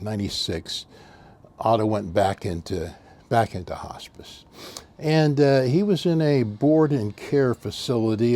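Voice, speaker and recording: A man's voice: medium pitch, dark tone. An older man telling a story in a folksy, meandering, earnest way as host of his own channel. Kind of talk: casual storytelling.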